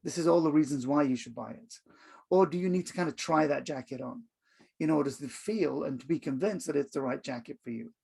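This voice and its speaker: Male course instructor, slightly high voice with a gravelly edge, chatty teaching delivery full of fillers. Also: a little fast, darkish tone. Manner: conversational, with many fillers and acted-out examples. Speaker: HR communication coach. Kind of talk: online course video lesson.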